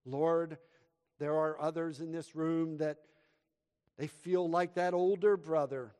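A man preaching and praying in a slow, deliberate way, voice a touch high for a man. He swings between loud emphasis and hushed lows. The long reverb of a church hall trails each phrase from his pulpit mic. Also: steady tone, smooth. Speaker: pastor. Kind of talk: sermon and prayer. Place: church sanctuary.

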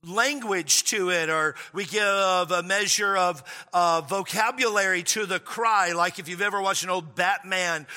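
A male pastor preaching a sermon in an animated, joking way, stretching key words out for emphasis. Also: sits high, long reverb tail.

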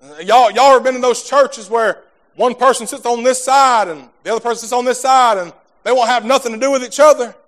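Speaking briskly in a very high voice, a man delivers a fervent, folksy sermon to his congregation. His words trip over repetitions as he builds from quiet talk up to shouts.

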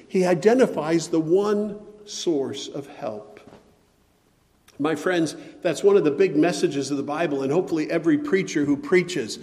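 Impassioned preacher in a reverberant hall. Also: male voice, on the high side, steady tone, normal speed. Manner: impassioned, pleading, swings loud and soft. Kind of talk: sermon.

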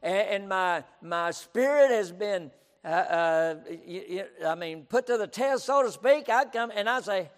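He's a pastor preaching in a reverberant auditorium: high voice, animated, measured in pace. Emphatic throughout, he restates his points and frequently interrupts himself with "listen."

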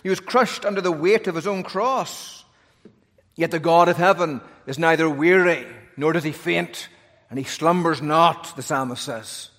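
Lively male preacher in a reverberant hall. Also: a little high, a little slow. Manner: animated, humorous asides. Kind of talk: sermon.

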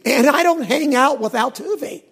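A middle-aged man, a pastor, preaching in a folksy, animated storytelling way with asides. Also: extremely high pitch, a little slow, vocal fry. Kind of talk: sermon.

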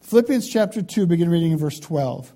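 Mellow-voiced preacher giving a sermon. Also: male voice, fairly high pitch, animated, a little fast. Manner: emphatic, swings from loud stresses to quiet pleading; repeats words in lists for stress. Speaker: pastor.

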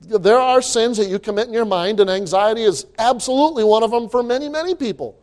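High-voiced preacher man. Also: fast talker. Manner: animated preaching, reads scripture in old-fashioned wording. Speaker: pastor. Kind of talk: sermon.

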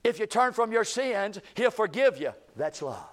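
A man preaching a revival sermon, swinging between loud shouting and hushed low lines. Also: sing-song, moderate pace.

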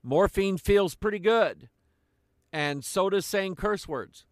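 Older male preacher, slow, measured delivery, higher-pitched voice, dry close sound. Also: dry recording. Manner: slow, deliberate preaching with pauses. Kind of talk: sermon.

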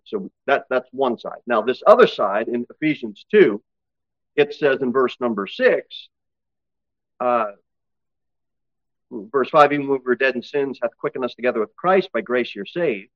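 A man preaching a sermon, swinging from loud exhortation to low, intense asides and slowing down to read scripture aloud. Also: lively intonation, no room sound. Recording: dull, dry lo-fi recording.

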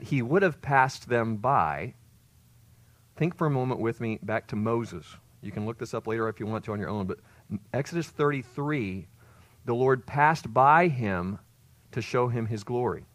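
A male pastor delivers a sermon at an ordinary pitch. He builds to loud, stressed phrases and then falls back to quiet asides. The recording is dry and close. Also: no room sound. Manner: expressive, rises to loud emphasis then drops low.

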